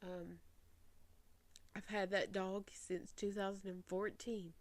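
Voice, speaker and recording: A woman in her twenties speaking slowly and earnestly to camera, her voice close to breaking as she holds back tears. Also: medium pitch, level tone. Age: 20s. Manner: slow, earnest, voice near breaking. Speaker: faith podcast host. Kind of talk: personal reflective talk to camera. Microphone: facing camera.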